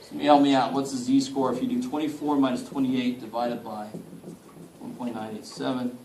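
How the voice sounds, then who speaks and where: A man's voice: medium pitch, little pitch movement, fairly quick, darkish tone, recorded from a distance, slight background noise. A man teaching a college math class in a loose, joking way, with mild swearing and frequent calls for the class to help him out. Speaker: math instructor. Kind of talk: casual classroom lecture. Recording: echoey room picked up from afar.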